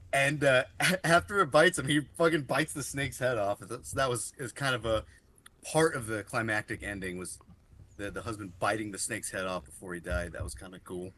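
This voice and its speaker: A man's voice: medium pitch, moderate pace, pushed and bright. A man co-hosting a podcast, rambling through a story with lots of fillers and casual swearing. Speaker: podcast co-host. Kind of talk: casual chat.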